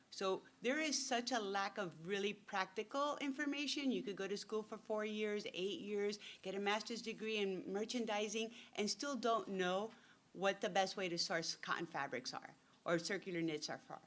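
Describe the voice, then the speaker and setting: A woman's voice: medium pitch, normal speed. A woman giving a casual, joking workshop talk as a retail buyer and consultant. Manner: chatty, joking storyteller.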